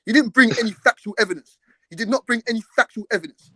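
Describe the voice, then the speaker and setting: A man's voice: extremely high pitch, fast talker, bright, forceful tone, dry recording. A young man, hosting a live stream and trading brash, profane trash talk in a heated argument.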